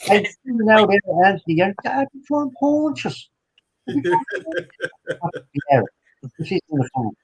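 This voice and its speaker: A man's voice: high-pitched, very animated, normal speed, breathy edge, exaggerated voice, rough recording. A man putting on a blustering Southern Irish brawler. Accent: Southern Irish (put on). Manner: blustering, repeats himself. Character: hot-headed Irish man threatening to throw punches.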